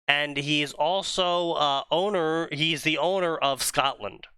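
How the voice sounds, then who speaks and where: A co-host reads fanfiction aloud in a slow, deliberate put-on Southern drawl, stopping for sarcastic jokes. The voice is bright and very clean, recorded dry and close with no room sound. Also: medium pitch, smooth, dry recording. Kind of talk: mocking fanfic reading with banter.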